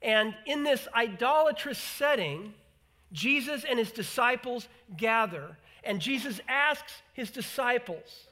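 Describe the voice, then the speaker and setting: High, bright-voiced man preaching. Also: takes it slowly. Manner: animated, acts out quoted voices, emphatic repetition. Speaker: pastor. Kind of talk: sermon.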